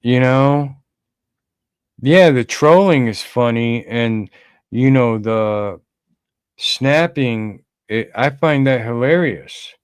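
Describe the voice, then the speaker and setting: Slow, smooth-voiced man chatting. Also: mid-range voice, dry recording, studio quality. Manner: rambling, addresses chat viewers by name. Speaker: podcast co-host. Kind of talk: casual livestream chat.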